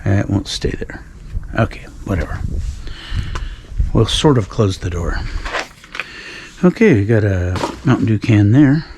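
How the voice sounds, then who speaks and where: A man's voice: on the low side, lively intonation, measured pace, long pauses. A man narrating his night dumpster dive in a casual vlog, rambling with dry sarcasm and the odd sigh, recorded outdoors at night. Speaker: dumpster-diving vlogger. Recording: outdoor recording with clear background noise.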